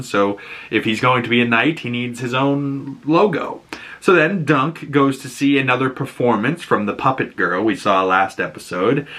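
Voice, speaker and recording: A man with a Boston accent hosting a casual podcast, recapping an episode with frequent laughter and quick acted-out character lines. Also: mid-range voice, sharp tone. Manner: laughs often, acts out characters in quick voices. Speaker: podcast host.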